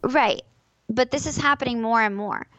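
A woman's voice: on the high side, moderate pace, fairly bright tone, no echo, muffled recording. A woman talks as a podcast guest, pressing her points with emphasis and repeating phrases for weight. She is recorded close and dry, with no room sound. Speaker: podcast guest, competitive fighting game player. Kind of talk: casual podcast conversation.

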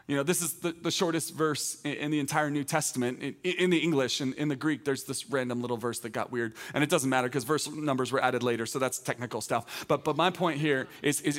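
A male teaching pastor preaching a sermon in a conversational, emphatic way that climbs to loud proclamations. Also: medium pitch.

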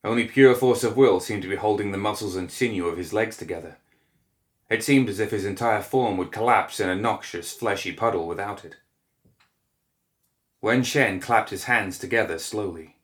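A man narrating a dark fantasy story in a measured, descriptive reading. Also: lowish voice. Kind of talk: scripted narration.

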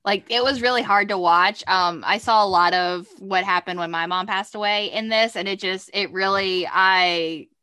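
A woman's voice: medium pitch, fairly even intonation, moderate pace, few pauses, bright, forceful tone, clear, resonant tone, no echo. A woman co-hosting a podcast, talking earnestly and reflectively in casual chat. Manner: earnest, reflective, lots of "you know". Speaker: podcast co-host.

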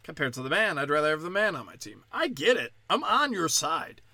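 A man's voice: fairly high pitch, big pitch swings, brisk, pushed and bright, dry recording. A man hosting a podcast, talking in a loose, rambling, sarcastic way and swearing often. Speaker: podcast host. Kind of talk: casual rambling monologue.

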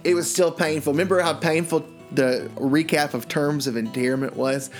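A man's voice: fairly high pitch, steady tone, normal speed, faint music behind. A man co-hosting a comedy chat show, telling jokes playfully and chuckling through them. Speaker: co-host.

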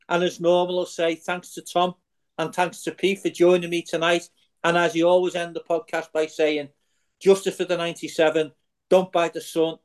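A man hosts a fan podcast, feeling his way through each question with lots of "you know" fillers. His voice is fairly high but holds a flat, level tone. He sounds relaxed and conversational. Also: clear, resonant tone. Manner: halting, filler-heavy questions. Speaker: podcast host. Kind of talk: podcast interview.

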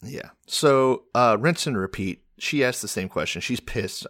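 A man's voice: medium pitch, expressive, unhurried, hardly any pauses, a bit bright, no echo, studio quality. A man co-hosting a casual podcast, retelling a Bible story in a sarcastic way, laughing often and swearing. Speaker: podcast co-host.

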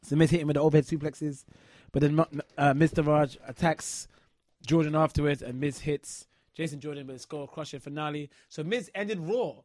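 A man's voice: on the high side, fairly quick, a little mellow, no echo. A man hosting a wrestling chat show and interviewing a guest, eager and rambling with lots of fillers.

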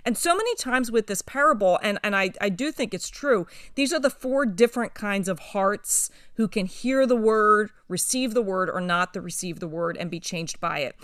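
A woman co-hosting a Bible study discussion, talking with enthusiasm and growing animated as she retells scripture. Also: medium pitch, normal speed, few pauses, dry recording, studio quality.

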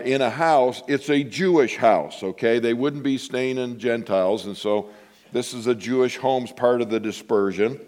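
A man preaches a sermon at a middle pitch. He tells the story with lively asides and speaks to his listeners directly. When he quotes the people in it, he acts their lines out. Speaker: pastor.

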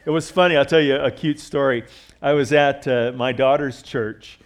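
A man's voice: mid-range voice, moderate pace. Middle-aged man preaching conversationally. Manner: conversational preaching with jokes and stories, many restarts. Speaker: pastor. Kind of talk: sermon. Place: church.

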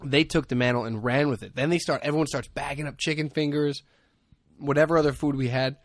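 A man's voice: on the high side, steady tone, a little fast, no echo. Joking man telling stories in a dry room. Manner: joking storyteller, rambling asides. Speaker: podcast host. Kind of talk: casual comedic chat.

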